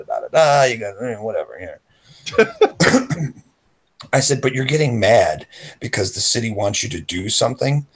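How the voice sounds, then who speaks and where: A man's voice: on the low side, creaky, slightly rough. A man co-hosting a casual podcast chat, telling a rambling story and acting out the voices of people he quotes. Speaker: podcast co-host.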